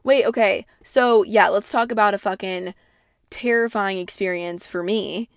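A young adult woman hosts a podcast alone, rambling casually, swearing freely and talking candidly. Her medium-pitched voice is steady and unhurried, recorded clean in a studio with no room sound.

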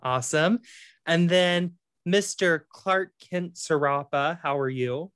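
A man's voice: fairly high pitch, slow pace, a bit bright, smooth, dry recording, studio quality. A man hosting a casual podcast chat, playful and camp, often laughing. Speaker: podcast host.

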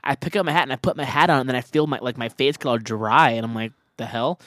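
Guy rambling through a story, lots of like and restarts, mid pitch, dry close sound. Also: fast, a bit bright, dry recording. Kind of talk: casual chat.

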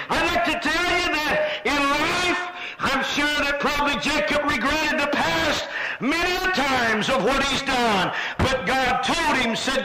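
A man preaching a fervent sermon, punctuating lines with amens and rising into shouts. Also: very high-pitched, a little slow, rough recording. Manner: repetitive cadence of amens.

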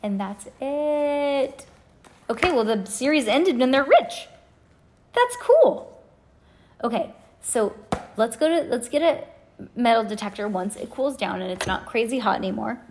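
Mother reading aloud, slightly high voice. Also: moderate pace, a little hiss or hum. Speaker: parent reading to her children. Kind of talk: reading a children's book aloud.

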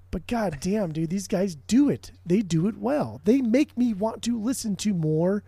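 A man's voice: high voice, expressive, measured pace, vocal fry, few pauses, mellow, husky, no room sound. A man co-hosting a podcast in casual music chat, rambling, swearing often and restarting his sentences. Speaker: podcast co-host.

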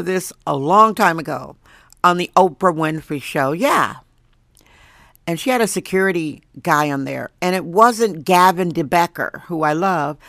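A hoarse woman from Wisconsin who has lost her voice, hosting a chatty, jokey solo podcast from home. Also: fairly low pitch, fairly bright tone, no room sound, clean studio sound. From Wisconsin, USA. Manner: chatty, jokey, laughs at herself. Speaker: podcast host. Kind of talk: casual solo monologue.

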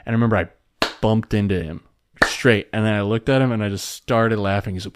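Low-voiced man telling rambling stories. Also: brisk, clean tone. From Pennsylvania. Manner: rambling, swearing, animated storytelling with voices. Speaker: comedian, podcast guest. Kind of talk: casual chat, telling stories.

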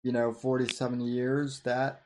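A man in casual podcast chat, halting and repeating words as he talks. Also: medium pitch, level tone, a little mellow, slight background noise.

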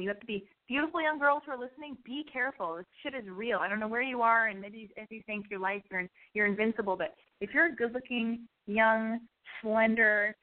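A young woman hosting an online radio show, telling a story in a rambling, profane, self-interrupting way. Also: medium pitch. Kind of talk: casual rambling monologue. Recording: phone-like narrow band audio.

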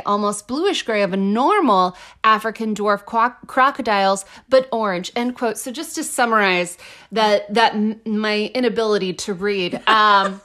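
A woman's voice: on the high side, a little slow, bright, forceful tone. A woman co-hosting a podcast in casual chat, bubbly and jokey, stumbling when she reads aloud. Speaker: podcast co-host.

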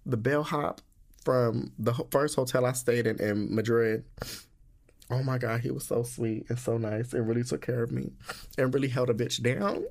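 A young man hosting his own podcast in casual solo chat, sassy and dramatic, talking loosely and jumping into high squeals when he gets emotional. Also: steady tone, moderate pace, gravelly, a little mellow. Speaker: podcast host.

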